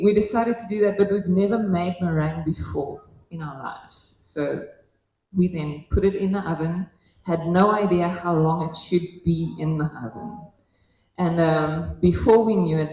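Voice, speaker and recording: A woman telling funny confessions at a retreat in a casual storytelling way, chuckling often. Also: low-pitched. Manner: chuckling often, soft-spoken asides. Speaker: retreat participant confessing to a pastor. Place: hall at a church retreat. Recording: echoey room, mic at a distance.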